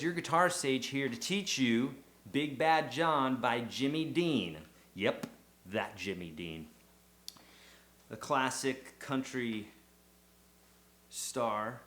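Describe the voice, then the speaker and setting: A man's voice: mid-range voice, a bit bright. A man teaching a casual guitar lesson, chatty and encouraging, counting beats aloud as he goes. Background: his own acoustic guitar playing.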